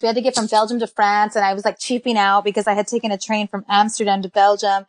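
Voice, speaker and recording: A woman's voice: mid-range voice, flat delivery, fast talker, slight background noise. A woman co-hosting a casual podcast chat, talking with enthusiasm and dropping in Spanish phrases. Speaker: podcast co-host.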